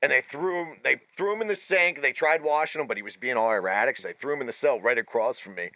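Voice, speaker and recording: A man hosting a podcast, telling profane stories in a casual, animated way and acting out the voices of the people in them. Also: mid-range voice, fast talker, dry recording. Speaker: podcast host. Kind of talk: casual storytelling.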